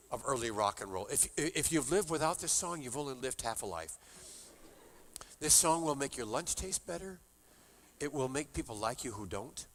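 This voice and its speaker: A man's voice: medium pitch, fairly bright tone, a little hiss or hum. An older man leading a university chapel service, telling a story between songs with playful, joking exaggeration. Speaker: chapel musician and worship leader.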